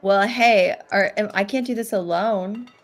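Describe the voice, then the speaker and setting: A woman's voice: mid-range voice, measured pace, a faint crowd. A woman playing a tabletop role-playing game, speaking in character with playful, teasing retorts. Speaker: player. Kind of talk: casual in-character play.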